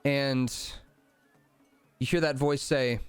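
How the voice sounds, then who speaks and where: A man's voice: mid-range voice, fairly even intonation, takes it slowly, clear, resonant tone, no room sound, faint music behind. Give me a man game master narrating in a loose rambling way, dry recording. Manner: casual, rambling, filler-heavy.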